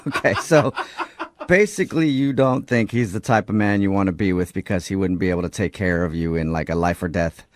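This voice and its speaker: A man's voice: low-pitched, a little fast, no echo. A man hosting a radio show, amused and teasing as he sums up the caller's story. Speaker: radio host.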